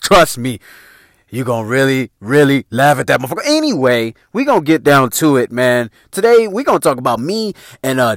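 A man's voice: fairly high pitch, fairly bright tone, no echo, studio quality. A man from Chicago with a Chicago accent, hosting his podcast and telling rambling, slangy stories with frequent laughter. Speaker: podcast host. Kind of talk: casual storytelling monologue.

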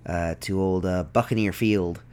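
A man's voice: low-pitched, fairly even intonation, measured pace, a little mellow, clean tone. A man hosting a soccer podcast in a casual, upbeat and welcoming way. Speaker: podcast host.

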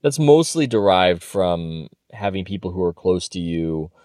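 Low dry-voiced guy, podcast guest, thinks out loud and stumbles a bit. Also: lively intonation, no echo. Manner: thoughtful, halting, laughs often. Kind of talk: casual podcast chat.

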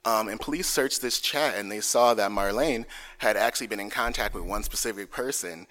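Low-voiced man telling a true crime story. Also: fairly bright tone. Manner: halting, lots of fillers, jokey asides. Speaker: true crime podcast co-host. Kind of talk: casual storytelling chat. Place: in front of a live audience.

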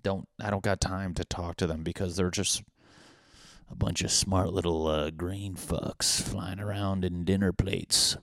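A man's voice: low voice, flat delivery, unhurried. A man in a casual comedic rant at home, crude and profane, rambling with lots of fillers. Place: home apartment.

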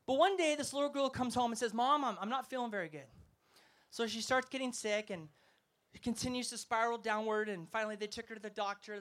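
A man's high-pitched, somewhat bright voice carries an evangelist's festival sermon. It's an emphatic, stirring delivery full of stories meant to rouse his listeners.

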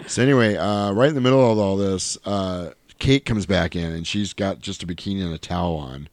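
A man's voice: low-pitched, brisk, few pauses, no room sound. A man in casual podcast chat, retelling a film scene by scene and acting out quoted lines. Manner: animated storyteller, acts out quoted lines. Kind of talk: casual movie recap chat.

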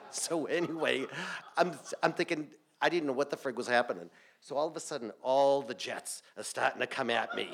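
A man telling a comic story on a theater stage to a live audience, salty and animated, laughing through his lines. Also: mid-range voice.

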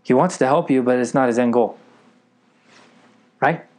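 A man's voice: mid-range voice, moderate pace, a little mellow. A man preaching a sermon with eager energy, reading scripture and often checking that his listeners are following. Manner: eager, keeps checking in with the audience.

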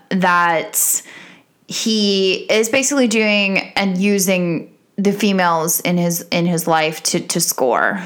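A woman's voice: medium pitch, fairly bright tone. A woman casually breaking down a movie's characters, rambling with fillers and restarts. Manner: rambling, many fillers and restarts, checks her notes. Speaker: film reviewer.

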